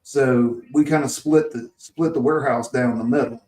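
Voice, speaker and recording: A Mississippi man who hosts a podcast rambles through a lengthy workplace anecdote in easygoing chat, with lots of chuckles and restarts. His voice is medium-pitched, steady, and a little mellow at normal speed, picked up by a distant mic in a roomy space.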